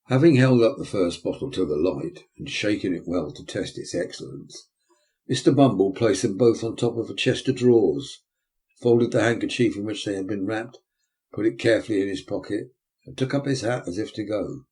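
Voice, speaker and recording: A man narrating a classic novel as an audiobook, measured and low-key. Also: dark tone.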